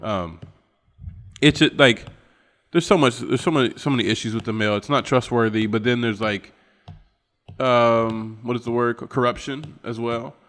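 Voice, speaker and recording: A man's voice: mid-range voice, normal speed, fairly bright tone, long reverb tail. A man with an Appalachian accent, co-hosting a podcast in a rambling, laughing casual chat. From West Virginia. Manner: laughing, rambling, filler-heavy. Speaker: podcast co-host.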